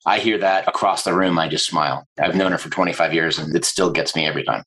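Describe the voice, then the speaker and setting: Deep husky man telling lively stories. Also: fast, low-quality recording. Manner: enthusiastic storyteller, acting out quotes. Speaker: agency owner, guest. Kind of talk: interview conversation.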